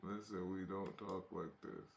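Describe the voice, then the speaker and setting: A man's voice: deep voice, level tone, measured pace, creaky, slight background noise. A man from Ohio hosting a casual reaction video, talking in slang with a mocking, amused manner. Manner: slangy, mocking, laughs often.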